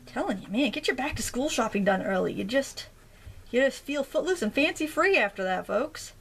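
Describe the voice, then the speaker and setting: This craft tutorial host is a Maine woman with a light accent, joking and chatting through a relaxed demo at home. Her husky voice is pitched high and expressive, moving at a normal speed. She thinks out loud as she works.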